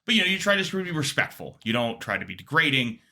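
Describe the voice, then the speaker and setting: A young man, a guest comedian, telling animated stories with lots of fillers and the odd swear. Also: mid-range voice, fast talker, gravelly. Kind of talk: comedic storytelling.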